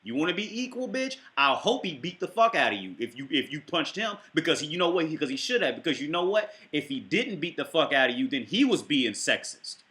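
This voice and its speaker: A man's voice: fairly high pitch, sing-song, brisk, hardly any pauses, sharp tone. A man hosting his channel, reacting to a clip with a heated, rambling, profane rant full of restarts.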